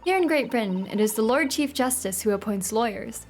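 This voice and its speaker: A woman reading the lines of a polite, composed young female assistant, explaining things calmly and formally, over faint game music. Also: fairly high pitch, fairly quick.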